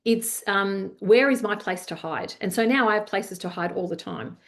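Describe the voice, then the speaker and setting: A woman's voice: medium pitch, moderate pace. A woman, presenting a leadership masterclass and chatting her way through anecdotes with lots of fillers. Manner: chatty, many fillers, animated retelling. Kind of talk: webinar talk with anecdotes.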